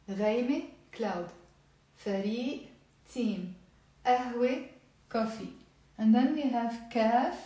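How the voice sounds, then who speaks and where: A woman teaching an online language lesson, repeating words slowly and patiently. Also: a little high, a little mellow, very echoey, far from the mic.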